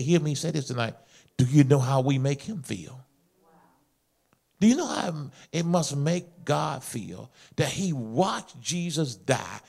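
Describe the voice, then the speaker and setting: A middle-aged man preaching a sermon as pastor, fervent and rhythmic, swinging between soft confiding passages and shouted climaxes. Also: mid-range voice, creaky. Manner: preaching in a fervent call-and-response style, rising to shouts.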